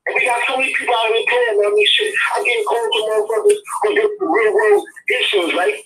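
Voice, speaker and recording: Excitable high-voiced man on a phone line. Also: quick pace, slight background noise. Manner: excitable, profane, repeats words. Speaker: call-in caller. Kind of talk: heated call-in rant. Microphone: telephone. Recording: distant phone-line call.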